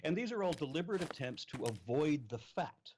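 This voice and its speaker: A man's voice: on the high side, very animated, brisk, background noise. A man in a debate, explaining technical points and pressing his opponent with repeated questions. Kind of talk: debate argument.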